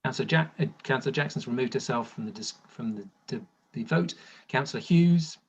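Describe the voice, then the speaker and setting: Man, committee chair, video call, brisk with fillers, slightly muffled sound. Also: mid-range voice, lively intonation, slight background noise. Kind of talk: chairing an online meeting.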